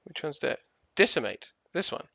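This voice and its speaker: A long-married adult man chats casually while streaming a game, rambling and cursing without restraint. His voice is fairly high, sing-song, gravelly and sharp, at a moderate pace, with no echo.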